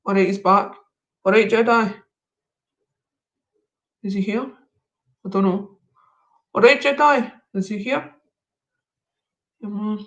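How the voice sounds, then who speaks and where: A man's voice: sits high, fairly even intonation, slow, long pauses, a bit bright. Man ranting in live-stream banter. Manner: mock-confrontational banter, street slang. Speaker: livestream host. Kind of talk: casual live-stream chat.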